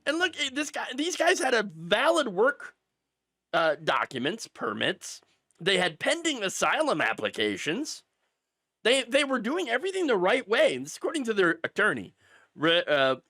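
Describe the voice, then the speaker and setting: A man's voice: extremely high pitch, sharp tone, no room sound, clean studio sound. A man hosting political commentary, talking in a sarcastic, heated and emphatic way. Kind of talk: opinion commentary.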